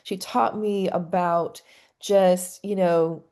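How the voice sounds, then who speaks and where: A woman's voice: lowish voice, steady tone, slow, mellow. A middle-aged woman, a counselor, speaking as a podcast guest in an earnest, heartfelt way. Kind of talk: conversational interview.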